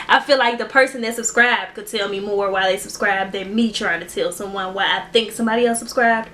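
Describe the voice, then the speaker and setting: A woman's voice: mid-range voice, fairly even intonation, quick pace, few pauses, fairly bright tone, reverberant, a little hiss or hum. A woman YouTuber, chatting emotionally and gratefully to camera in a casual vlog at home. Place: room at home lit by ring light.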